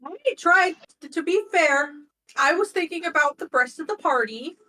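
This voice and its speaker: A woman's voice: very high voice, animated, moderate pace, bright, forceful tone, low-quality recording. A woman playing a casual tabletop game, asking questions in an inquisitive way. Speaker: player.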